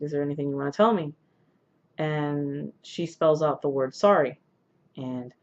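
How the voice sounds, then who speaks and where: A woman vlogger with a sore throat, casually telling a personal story to camera, rambling with many fillers and restarts. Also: low voice. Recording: dull lo-fi recording.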